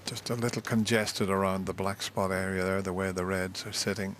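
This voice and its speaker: A man giving live snooker commentary in a measured, level delivery. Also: low voice, level tone, fairly bright tone, slight background noise.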